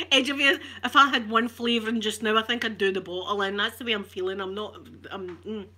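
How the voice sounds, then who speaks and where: A woman's voice: mid-range voice, fairly even intonation, fairly quick, bright, forceful tone. A Scottish woman chatting on an ASMR live stream, ranting with animation and swearing freely. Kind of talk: casual live-stream chat.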